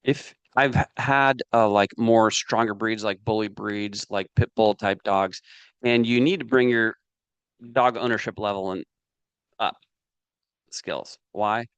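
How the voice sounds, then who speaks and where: Man giving a lively motivational talk. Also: lowish voice, unhurried, clear, resonant tone, no room sound. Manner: animated, asks "does that make sense" and "right" often; acts out inner voices and his dog. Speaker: speaker teaching a business course. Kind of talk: casual motivational teaching.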